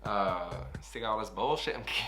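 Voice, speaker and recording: A man's voice: on the low side, expressive, fairly quick. A man in his thirties talking casually to camera in a travel vlog, chatty and sarcastic, swearing and laughing often. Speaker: travel vlogger. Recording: music playing over the voice.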